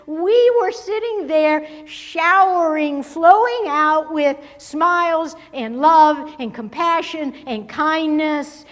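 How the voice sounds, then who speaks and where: A woman pastor preaching a sermon, moving between strong emphasis and hushed, near-whispered asides. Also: high voice. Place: church sanctuary. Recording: long hall reverb.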